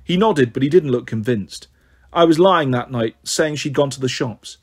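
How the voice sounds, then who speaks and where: A man reading a children's novel aloud in steady, plain storytelling with a husky voice. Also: medium pitch, normal speed. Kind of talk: audiobook narration.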